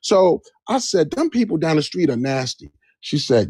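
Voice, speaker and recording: A man's voice: fairly high pitch, big pitch swings, moderate pace, few pauses, a little mellow, husky, no room sound, studio quality. A man speaking in an impassioned live discussion, emphatic and repeating phrases for stress. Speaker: livestream debate participant. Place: Georgia area, on a live stream.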